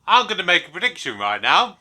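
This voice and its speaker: A man's voice: high voice, big pitch swings, brisk, bright, forceful tone, husky. A man hosting a reaction video, chatting casually and commenting on the clips he watches. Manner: chatty and apologetic, laughs along.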